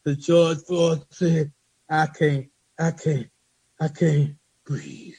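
A man reading a spoken word poem he wrote, in a slow rhythmic delivery with repeated refrains. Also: a little high, fairly even intonation, mellow, husky, no room sound, low-quality recording. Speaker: poet reading his own poem.

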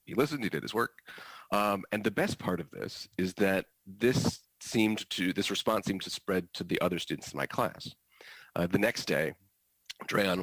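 Deep man's voice, teacher storytelling, understated, dry close sound. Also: fairly bright tone, dry recording, poor audio. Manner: dry, understated delivery with fillers. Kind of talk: storytelling performance.

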